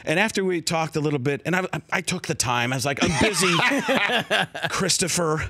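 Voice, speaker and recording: Male comic guest, fairly high voice, rambling self-mocking storyteller, dry studio mic. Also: fast, sharp tone, no echo. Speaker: comedian guest. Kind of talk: animated storytelling chat.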